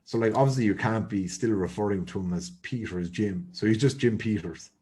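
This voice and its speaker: Husky low-voiced Irish man chatting. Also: a little fast, mellow. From Ireland. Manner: rambling, filler-heavy storyteller. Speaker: podcast co-host. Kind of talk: casual chat.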